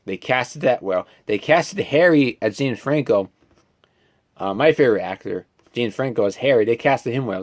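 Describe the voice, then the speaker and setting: Twenties male film reviewer, animated and talky, very expressive pitch. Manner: animated and chatty, full of fillers and asides. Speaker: movie reviewer.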